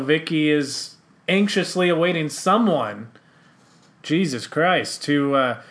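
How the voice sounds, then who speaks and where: Male podcast host, unhurried delivery, laughs through his rambling chat. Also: on the high side, a bit bright. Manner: rambling, laughs often, self-interrupting.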